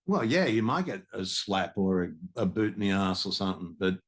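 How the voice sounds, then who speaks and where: A man's voice: low-pitched, moderate pace. An older man, telling stories in a rambling, casual podcast chat. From Australia. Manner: rambling, storytelling, many restarts. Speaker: guest musician.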